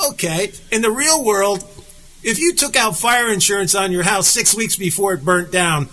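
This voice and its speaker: A man's voice: sits high, unhurried, poor audio. A man co-hosting a casual talk show, telling stories animatedly and acting out the quotes. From United States. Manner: animated storyteller, acts out quotes. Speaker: podcast co-host. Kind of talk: casual political chat.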